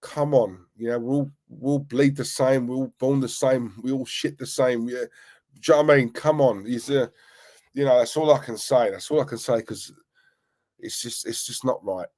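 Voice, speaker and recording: A man runs a live football stream. He talks in a chatty, earnest way, circling back to repeat his points. His voice sits at an ordinary middle pitch. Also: moderate pace, a little mellow. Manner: earnest, repetitive, chatty, uses fillers like "you know". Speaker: football channel host.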